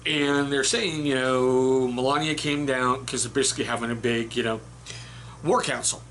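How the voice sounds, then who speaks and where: A man's voice: mid-range voice, fairly even intonation, moderate pace, a bit bright, a little hiss or hum. A man, an Army veteran, giving a blunt, chatty book review and reading passages aloud. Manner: blunt, chatty, swears casually. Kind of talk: casual spoken book review.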